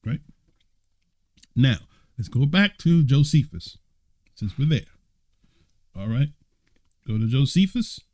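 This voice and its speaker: A man's voice: mid-range voice, big pitch swings, takes it slowly, long pauses, a little mellow. A man, an elder of a congregation, teaching a bible study in a conversational way, reading passages aloud and asking his listeners questions. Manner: laughing fits, struggling to keep composure; conversational, asks the audience questions.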